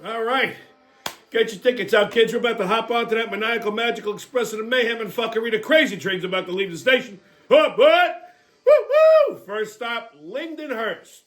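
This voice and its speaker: A man's voice: high-pitched, fairly quick, pushed and bright. A man hosting, delivering a blunt, profane comedic rant. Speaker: host.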